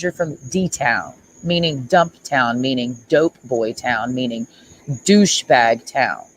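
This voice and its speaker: A woman's voice: rumbling low, a little hiss or hum, poor audio. A woman streamer ranting at someone in a sarcastic, mocking and confrontational way. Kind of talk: livestream rant.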